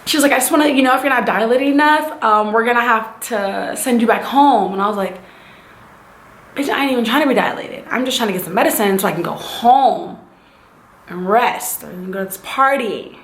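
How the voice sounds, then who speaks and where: A young woman vlogger telling a casual, animated storytime, acting out the voices of the people in it. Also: a little high, brisk, reverberant. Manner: animated, acts out voices and sound effects.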